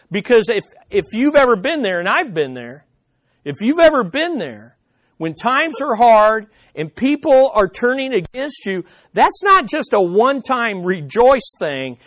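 A pastor delivers a sermon with a mid-pitched voice, recorded dry with almost no room sound. The delivery is conversational yet emphatic, with key lines repeated for stress and questions put straight to the listeners. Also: big pitch swings, measured pace, no room sound.

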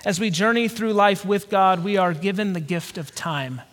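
A high-voiced man delivers an earnest, reflective sermon in a slow cadence with pauses. The sound rings with a long hall reverb. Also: a bit bright. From Georgia, USA. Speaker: pastor.

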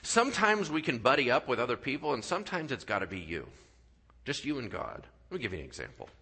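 A male pastor preaching a sermon in church, telling stories with acted-out voices and dropping to quiet, earnest tones for his key points. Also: mid-range voice, fast, slightly rough. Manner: animated storyteller, acts out voices and sound effects. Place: church sanctuary.

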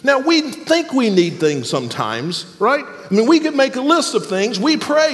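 A man preaching a sermon as pastor, emphatic and animated, with pauses for effect. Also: extremely high pitch, long reverb tail.

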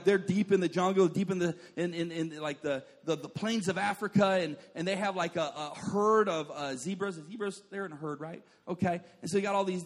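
A male pastor with a notably high-pitched voice, preaching in a loose, joking way. He tells stories, fills them with "like", and keeps turning to the congregation with quick asides. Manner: says "like" often and calls for responses. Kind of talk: sermon.

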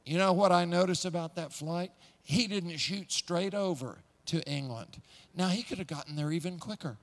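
A male preacher with a somewhat high voice delivers a sermon in a lively storytelling manner. He builds excitement, doubles back on his words and chuckles as he goes. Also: moderate pace.

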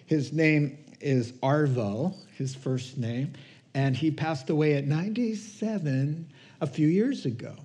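A man preaching a sermon as pastor, slow and conversational, chuckling between points. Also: fairly high pitch, warm tone.

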